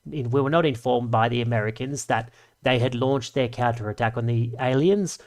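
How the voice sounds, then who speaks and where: A man's voice: mid-range voice, moderate pace, a little mellow, lightly acted. A man voicing an evasive male politician who reads out a formal press statement in a stiff, hedging official tone. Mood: stiffly official.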